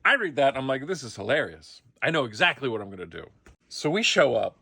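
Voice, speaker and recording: Man, middle-aged, casual storytelling, comic acted-out quotes, bright tone, dry mic. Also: medium pitch, sing-song, fast, creaky, slightly rough, dry recording. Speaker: actor telling a behind-the-scenes story. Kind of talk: casual anecdote.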